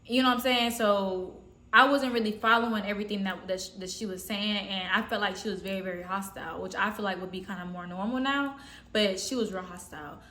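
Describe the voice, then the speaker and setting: A woman from the Southern US telling a story casually in a slangy, rambling way with animated quotes. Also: mid-range voice, brisk. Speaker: storytime vlogger. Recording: roomy echo.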